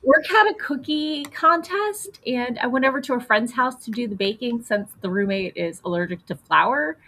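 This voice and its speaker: A woman hosting a relaxed stream, telling stories in a chatty way and acting out what others said. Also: on the high side, moderate pace, a little hiss or hum. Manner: chatty storyteller, animated quoting. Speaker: stream host. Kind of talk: casual chat.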